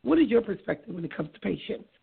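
A hoarse woman hosting a casual talk show, chatty and quick to laugh, often saying things twice. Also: mid-range voice, very animated. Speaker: radio show host. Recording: tinny phone-like sound.

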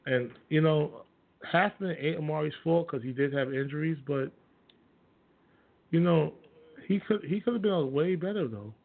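Blunt profane male sports host, gravelly, slightly high voice, phone-thin sound. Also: normal speed, long pauses. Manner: blunt, profane, laughs at opinions he mocks. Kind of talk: casual sports rant. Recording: tinny phone-like audio.

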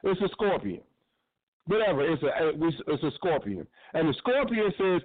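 A man's voice: high-pitched, sing-song, normal speed, dry recording. A man hosting a radio show, giving blunt, profane, impassioned commentary. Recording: tinny phone-line sound.

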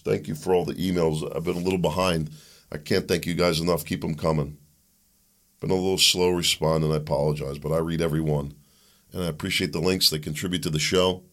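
A middle-aged man hosting his own podcast, rambling and animated, mocking his opponents in put-on voices. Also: low voice, vocal fry. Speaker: podcast host. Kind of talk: opinion podcast monologue.

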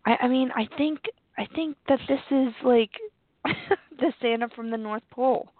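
A woman's voice: a little high, moderate pace, no room sound. Chatty woman with a cold. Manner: giggly, chatty. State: sick with a cold. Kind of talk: casual chat. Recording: tinny phone-like line, dry.

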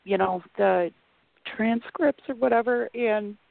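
A woman's voice: on the high side, a little slow, creaky, no echo. A Midwestern American woman in her forties from Wisconsin, calling in to a radio show, talking in a hesitant, rambling way full of fillers and restarts. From Wisconsin, USA. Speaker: caller. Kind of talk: radio call-in. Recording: dry, tinny phone line.

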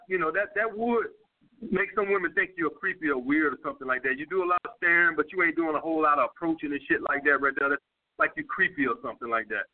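A man with a New York accent, working as a dating coach, giving blunt, profane advice in casual street slang while answering viewer questions. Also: high voice. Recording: tinny phone-like audio.

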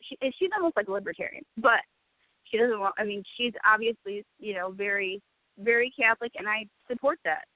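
A woman's voice: medium pitch, fairly quick, dry recording. A woman in her forties, a radio guest, speaking candidly and emotionally and swearing freely. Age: 40s. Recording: tinny phone-like dry sound.

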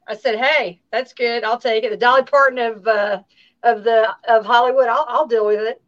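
A woman's voice: a little high, expressive, a little fast, fairly bright tone, dull audio. A woman from Tennessee with a Southern accent, chatting as an interview guest, bubbly and chatty with lots of fillers and laughter. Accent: Southern American. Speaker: guest, actress and singer. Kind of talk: casual interview chat.

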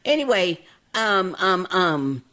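Woman co-host, very animated delivery, easy chatty banter. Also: on the low side. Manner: chatty, quick to laugh along. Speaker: podcast co-host. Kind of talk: casual chat.

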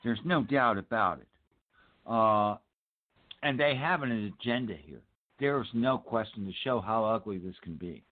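A man with a very expressive, up-and-down voice weighs in on a movie in an earnest, measured way. He pads his thoughts with ums and uhs, and his sound is thin and tinny, like a phone call. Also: lowish voice. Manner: earnest and measured, makes his points with fillers. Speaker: movie commentary co-host. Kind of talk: casual chat over a movie.

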